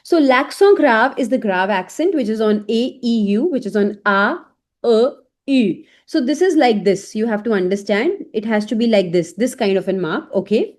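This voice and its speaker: A woman teaching an online French lesson. She explains slowly, repeats words and often checks in with "okay?". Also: on the high side, animated, a little mellow.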